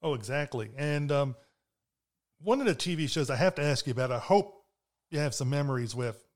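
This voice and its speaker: A man's voice: fairly high pitch, expressive, a little fast. A man interviewing a guest, asking questions with a fan's enthusiasm.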